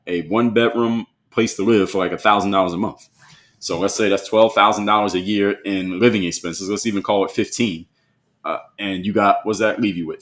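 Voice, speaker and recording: A man runs a solo live stream. He answers viewers' comments one by one in a relaxed, conversational tone and pushes back firmly when he disagrees. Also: on the low side.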